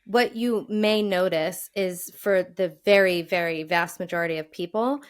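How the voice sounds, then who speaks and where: A woman hosting a casual chat, with a faint Long Island accent, telling stories in an animated way and laughing easily. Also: lowish voice, moderate pace, clean tone. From Long Island, New York. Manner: animated storyteller, laughs easily, acts out quotes. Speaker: podcast host.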